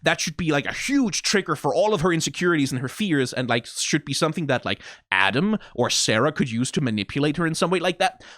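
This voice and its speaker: A man giving casual, profane commentary as a video reviewer, animated and prone to mocking impressions. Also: on the high side, quick pace, hardly any pauses, no echo, clean studio sound.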